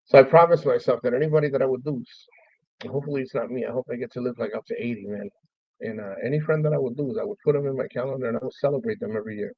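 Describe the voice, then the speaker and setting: Male streamer, heartfelt and halting storytelling, dry dull-sounding mic. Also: mid-range voice, no echo. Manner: halting, repeats words, profane, heartfelt. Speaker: streamer host. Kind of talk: emotional personal storytelling.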